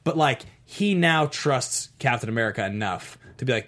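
Excited rambling man in casual chat. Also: mid-range voice, moderate pace. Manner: enthusiastic, rambling with fillers and laughs. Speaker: podcast co-host.

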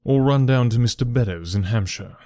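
A man's voice: mid-range voice, fairly quick, mellow, dry recording, studio quality, close to an everyday voice. A man voicing a surly, half-drunken seaman-turned-butler who talks with a sneer. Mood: sulky. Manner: sneering, insolent.

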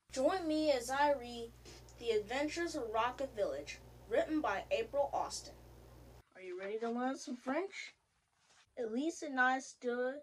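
A woman's voice: sits high, poor audio. Woman reading a children's storybook aloud. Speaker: podcast host reading a children's book.

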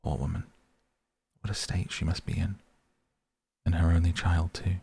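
A man reads a deep, gravelly-voiced painter, earnest and grieving. He pleads and reproaches in a husky low tone, read in his own voice as part of a bedtime storybook. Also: steady tone, normal speed, dark tone, heavily acted. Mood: pained, reproachful. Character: grieving earnest male painter, middle-aged.

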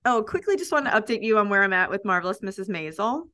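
A woman's voice: mid-range voice, big pitch swings, fast, bright, forceful tone. Chatty woman rambling on a podcast. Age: 30s. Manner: rambling, full of "like" and asides. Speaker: podcast co-host. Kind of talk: casual chat.

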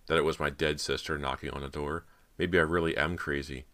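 A man's voice: extremely low pitch, fairly even intonation, brisk, fairly bright tone. A man voicing a frightened teenage girl in an audiobook, with anxious, breathless outbursts. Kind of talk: audiobook dialogue.

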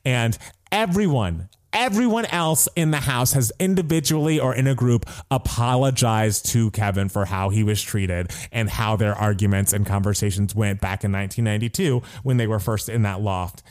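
A man in casual podcast chat, telling a story with lively, animated delivery. He peppers everything with fillers and jumps into voices for the people he quotes, in a middle-pitched voice. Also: normal speed.

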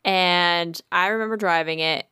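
Young woman, animated foul-mouthed storyteller; bright, dry close sound. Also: fairly low pitch, a little slow, clean tone, dry recording. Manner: animated, swears a lot, laughs often. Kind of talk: casual storytelling chat.

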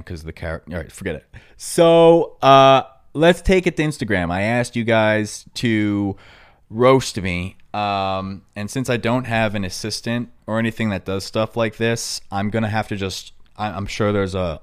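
A young man in his twenties with a New York accent, hosting a podcast in rambling, filler-heavy casual chat that breaks into loud excited outbursts. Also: fairly low pitch, moderate pace, clean tone. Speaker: podcast host.

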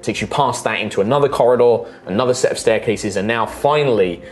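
A man narrating a tabletop game as game master, relaxed and full of fillers. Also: mid-range voice, fast, faint music behind. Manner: relaxed, many fillers like "um" and "kind of".

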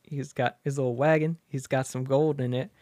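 Guy retelling a story on a podcast, lively and laughing, super dry audio. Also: medium pitch, normal speed, no room sound. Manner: animated, laughs often, acts out characters. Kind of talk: casual chat retelling a story.

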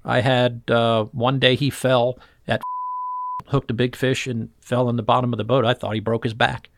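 Gravelly man telling fishing stories. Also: mid-range voice, moderate pace, background noise. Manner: animated storyteller acting out voices in quotes. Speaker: fishing guide. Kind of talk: storytelling interview chat.

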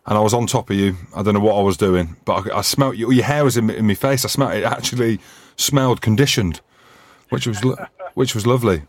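A man's voice: on the low side, a little fast. A man co-hosting a rugby podcast, joking and bantering with his co-hosts. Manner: jokey, banterish. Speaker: podcast co-host. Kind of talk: casual chat.

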